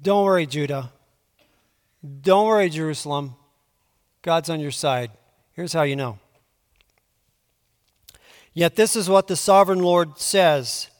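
A man preaching a conversational Bible teaching, moving between quiet asides and emphatic pleading. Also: a little high, unhurried, pauses often. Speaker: pastor. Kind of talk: sermon. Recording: long hall reverb.

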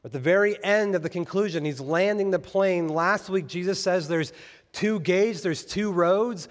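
A man's voice: sits high, normal speed, long reverb tail. A man preaching a sermon as pastor, earnest and building to emphatic peaks on key phrases. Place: church sanctuary.

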